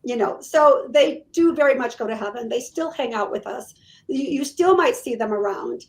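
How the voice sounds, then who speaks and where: Middle-aged woman medium, animated storyteller, voice on the high side. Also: normal speed, rough recording. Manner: animated, acts out quotes. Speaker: psychic medium guest. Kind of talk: casual storytelling in an interview.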